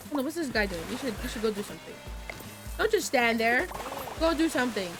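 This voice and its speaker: A woman streamer with a high voice chats through her gameplay. She stammers and restarts her sentences, chaotic and playful. Game music plays clearly behind her. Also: lively intonation, fast. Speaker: VTuber streamer. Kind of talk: casual gameplay commentary.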